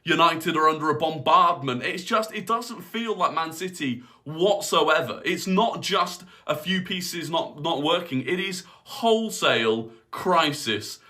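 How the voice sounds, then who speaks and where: A man's voice: on the high side, lively intonation, slow pace, few pauses, pushed and bright. A man giving an incredulous, critical football match reaction.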